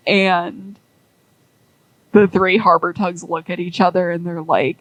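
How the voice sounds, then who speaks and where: A woman's voice: on the low side, steady tone, takes it slowly, fairly bright tone, no echo, rough recording. A woman rambling through a story in casual chat, with lots of "like" and acted-out quotes. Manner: rambling, many "like"s, acts out quoted characters.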